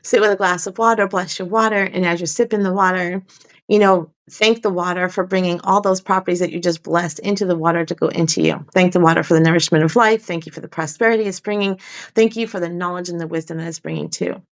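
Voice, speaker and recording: A woman coaching on a live stream, talking in a soft, reflective way and often repeating her phrases. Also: on the low side, fairly even intonation, fast talker. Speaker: life coach.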